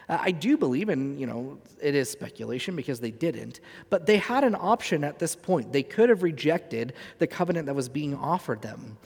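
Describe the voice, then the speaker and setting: A man in his thirties, a pastor giving an earnest sermon in a conversational, filler-rich way. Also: fairly high pitch. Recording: long reverb of a hall.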